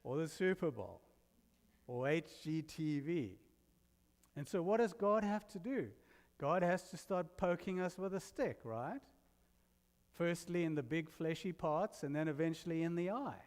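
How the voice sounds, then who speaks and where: A man's voice: a little high, measured pace. Storytelling male preacher in a reverberant hall. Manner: animated storyteller, self-deprecating humor. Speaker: guest minister. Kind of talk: sermon with humorous stories. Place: church sanctuary.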